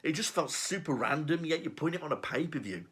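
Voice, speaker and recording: A man's voice: fairly high pitch, animated, quick pace, fairly bright tone, breathy edge. Sarcastic man ranting and swearing. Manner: sarcastic, profane, exasperated. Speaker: wrestling show reviewer. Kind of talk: ranting review.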